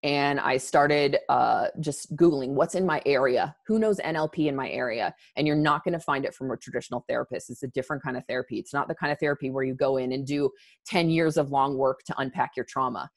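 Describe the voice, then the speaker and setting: A woman's voice: very deep voice, a little fast. A woman in her thirties, a podcast guest talking candidly and emphatically. She restarts her sentences often and is close to tears. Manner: earnest and emphatic, with frequent restarts. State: emotional, near tears. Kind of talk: candid conversational interview.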